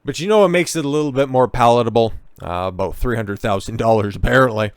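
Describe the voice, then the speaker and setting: A man's voice: medium pitch, quick pace, smooth, no room sound, clean studio sound. A man hosting political commentary, ranting in a profane, sarcastic, mocking way.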